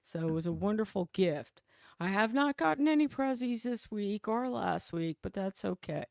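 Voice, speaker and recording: A woman's voice: mid-range voice, expressive, normal speed, gravelly, a little mellow, dry recording, clean studio sound. A woman hosting a casual podcast chat show, talking freely and laughing often.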